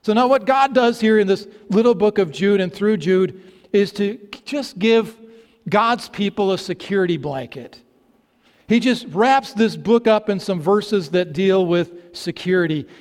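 A man's voice: high-pitched, measured pace, a little mellow, long reverb tail. A man preaching a sermon to his congregation, stressing words with emphatic repetition. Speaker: pastor. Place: church sanctuary.

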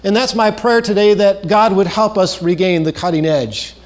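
A male preacher with a high voice delivers an earnest sermon. He repeats his key phrases and lets his voice sink low at the ends of phrases. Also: normal speed.

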